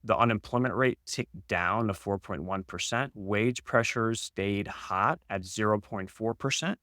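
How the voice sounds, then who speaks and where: A man speaking as an economist on a podcast, reading off job figures in a steady, data-heavy way. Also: lowish voice, a little slow, dry recording, clean studio sound. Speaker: senior economist. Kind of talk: podcast market discussion.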